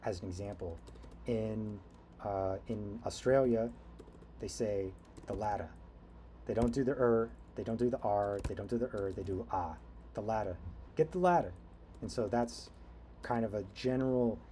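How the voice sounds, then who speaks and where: A man's voice: fairly low pitch, mellow, a little hiss or hum. An American man teaching a training seminar, talking in a loose, digressive way with many fillers and restarts. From United States. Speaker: instructor.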